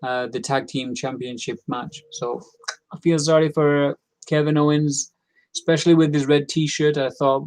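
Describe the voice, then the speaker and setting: A man's voice: on the high side, level tone, moderate pace, darkish tone. A tired man giving a rambling, opinionated casual recap as host, full of fillers and restarts.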